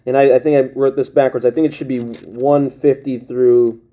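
A man's voice: medium pitch, little pitch movement, normal speed, mellow. A man preaching a sermon, reading King James scripture aloud and often restarting his phrases.

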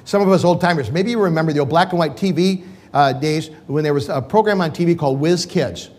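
A man's voice: fairly high pitch, fast talker, a little mellow. An older man, a pastor, telling an emotional personal story in a sermon, rambling with restarts.

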